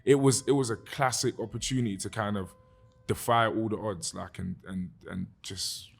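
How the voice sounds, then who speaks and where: A young man with a London accent tells his story in a loose, animated podcast chat. He swears freely and keeps dropping "bruv" as he goes. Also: lowish voice, moderate pace, creaky, a crowd in the background. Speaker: guest musician.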